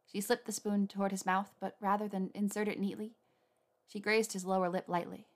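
A woman reads a story aloud in a steady, measured voice, keeping her narration plain and even between the characters. Her pitch sits in the middle range for a woman. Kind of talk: storybook reading.

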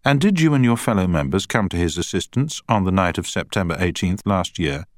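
A man voicing a sharp young male barrister who asks pointed, probing questions. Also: low-pitched, animated, fairly quick, no echo, clean studio sound, voice pushed up.

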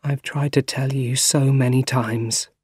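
A man's voice: mid-range voice, little pitch movement, a little slow, darkish tone, husky. A man voicing a guilty, grieving young man, close to his own plain, earnest voice.

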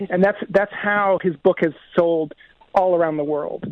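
A filmmaker being interviewed on radio over the phone, explaining earnestly and fluently. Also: male voice, sits high, normal speed, no echo. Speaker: guest filmmaker. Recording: tinny phone line.

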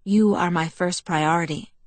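Woman reading as calm gentle young man. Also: lowish voice, normal speed, dry recording, natural voice. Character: composed young male vampire, gentle and patient.

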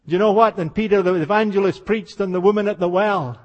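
Older man preaching high and impassioned. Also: fairly even intonation, fast, highs cut off. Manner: impassioned storytelling, dropping to hushed tones then rising to exclamations. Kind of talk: revival sermon. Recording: reverberant hall.

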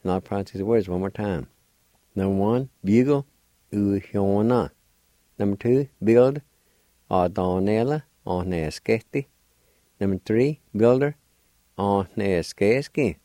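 Older man from oklahoma, slow patient spelling lesson, low mellow voice, dry close sound. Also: dry recording. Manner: patient, spells letter by letter and repeats words. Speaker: language teacher and radio host.

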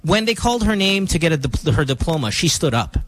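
A man in his forties hosting a morning radio show, telling stories in an animated, emotional way. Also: fairly high pitch, fast talker, slight background noise. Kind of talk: casual radio chat.

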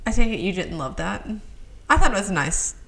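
Podcast co-host, woman, relaxed chatty recap delivery. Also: mid-range voice, fairly quick, gravelly. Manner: chatty, relaxed, sign-off with show plugs. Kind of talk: casual chat recapping a TV show.

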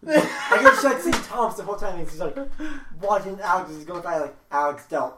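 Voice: mid-range voice, sing-song, fast talker, echoey room, recorded from a distance, very noisy. A podcast co-host in casual chat, playfully imagining and acting out what a friend must have been thinking.

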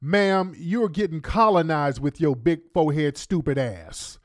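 A man's voice: fairly high pitch, a little slow, no room sound, clean studio sound. A man hosting a podcast, commenting on played clips in a mocking, heated way with crude slang. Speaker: podcast host.

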